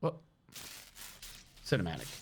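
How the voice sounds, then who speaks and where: A man's voice: measured pace, a little hiss or hum. A man streaming a game, giving rambling, profane commentary and explaining as he plays. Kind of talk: casual gameplay commentary.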